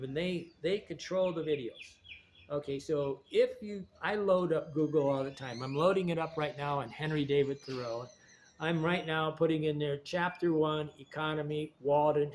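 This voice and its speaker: Rambling man with a higher voice. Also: slight background noise. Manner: digressive, restarts sentences. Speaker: video essayist. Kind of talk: rambling spoken monologue.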